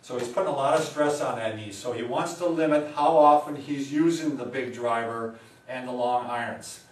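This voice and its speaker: A man's voice: medium pitch, normal speed. A man, a physical therapist, explaining knee rehab in a casual, conversational way with filler words. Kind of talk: casual instructional talk. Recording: roomy sound, mic at a distance.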